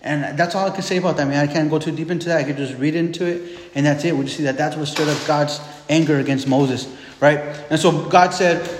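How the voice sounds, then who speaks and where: A man's voice: a little high, fairly even intonation, a little fast. Man preaching in an echoey hall. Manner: retells scripture in casual everyday speech, acting out voices. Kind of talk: sermon.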